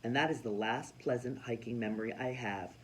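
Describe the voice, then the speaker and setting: A man reading a children's storybook aloud in a lively, expressive way. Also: mid-range voice, brisk, poor audio. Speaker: children's book reader.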